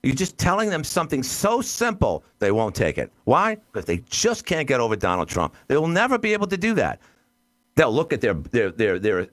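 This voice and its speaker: A man's voice: a little high, fairly bright tone. An American man hosting a call-in radio show, blunt and exasperated, often cutting in on callers. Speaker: radio talk show host.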